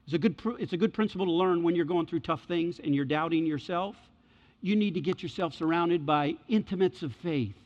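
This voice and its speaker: A male pastor preaching a sermon in an animated, colloquial way, repeating his key phrases. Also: high-pitched, fairly quick. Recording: reverberant hall, dull lo-fi.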